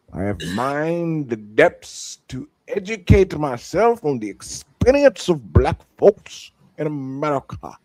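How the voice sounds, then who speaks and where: A man's voice: mid-range voice, sing-song, takes it slowly, a little mellow, dry recording, rough recording. A man co-hosting a casual podcast chat, reading a statement aloud in a mocking, theatrical way. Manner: reads quoted text in mocking theatrical voice.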